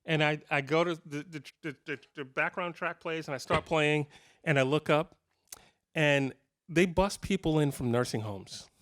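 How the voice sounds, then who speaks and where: Man in his fifties, guitarist at a shop clinic, rambling storyteller, fairly high voice. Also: moderate pace, a bit bright. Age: 50s. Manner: rambling, self-deprecating, with frequent restarts and laughs. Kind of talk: casual storytelling to a live audience.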